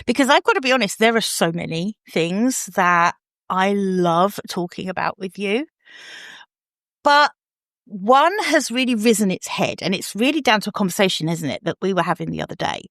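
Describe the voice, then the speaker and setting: A middle-aged Englishwoman hosts a podcast, chatting effusively with her guest and laughing easily. Her medium-pitched voice is animated, a bit bright and moderately paced, recorded as clean studio sound with no echo.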